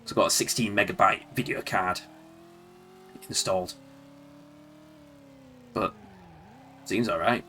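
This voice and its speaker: Playing and streaming old games, a Leeds man with a Yorkshire accent chuckles and talks to himself in rambling, casual live commentary. He sits low and speaks slowly with long pauses, his voice pushed and bright, with slight background noise.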